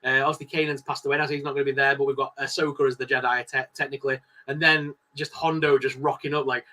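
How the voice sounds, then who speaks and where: A man co-hosting a casual live stream, talking excitedly and laughing often. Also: mid-range voice, fast talker, few pauses. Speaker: co-host.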